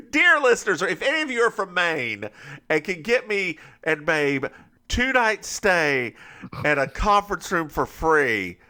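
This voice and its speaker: A man's voice: on the high side, very animated, a little slow, sharp tone. A man co-hosting a podcast, recapping a TV episode in casual chat and laughing often. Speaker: podcast co-host.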